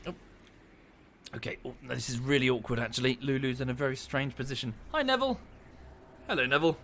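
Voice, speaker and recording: A man's voice: medium pitch, animated, fast, fairly bright tone, slight background noise. A man casually narrating his strategy game on a livestream, thinking aloud and thanking viewers as he plays. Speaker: streamer playing a strategy game. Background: game music.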